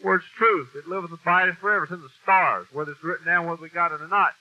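A man's voice: on the high side, racing. A man preaching an informal sermon in a blunt, folksy way, with mild cursing and heavy emphasis. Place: meeting room with a mic. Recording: dull lo-fi recording.

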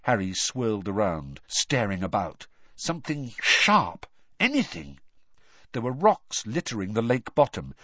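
Male audiobook narrator, expressive with lively pitch, dry booth with a dull, muffled tone. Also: dry recording. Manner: expressive storytelling. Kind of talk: scripted narration of a novel.

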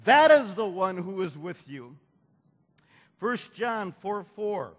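A male preacher with a high voice delivers a deliberate, unhurried sermon. He repeats key lines and swells into emphatic climaxes. His words ring out with a long reverb, as if in a big hall. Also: big pitch swings, breathy edge. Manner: repeats phrases, builds to emphatic climaxes, calls for congregation response.

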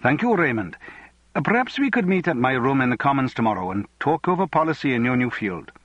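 A man reading an audiobook, voicing a brisk party leader with a lilting Welsh accent. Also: medium pitch, big pitch swings, a bit bright, breathy edge, no echo, dull audio, voice pushed up. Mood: brisk, eager.

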